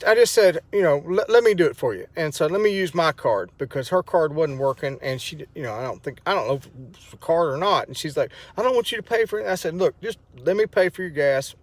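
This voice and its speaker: A man's voice: on the high side, lively intonation, a little fast, dry recording. A middle-aged man, telling a personal testimony in a rambling, emotional way with many restarts. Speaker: vlogger sharing a testimony. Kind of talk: casual spoken testimony.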